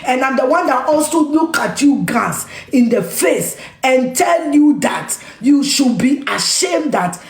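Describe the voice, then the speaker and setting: A woman's voice: high voice, lively intonation, measured pace, hardly any pauses, echoey room. A woman with a Ghanaian accent delivering an impassioned, scolding monologue, repeating her points and mixing in local phrases. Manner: scolding, emphatic, repeats phrases, switches into Twi and Ga. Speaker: media personality ranting on camera.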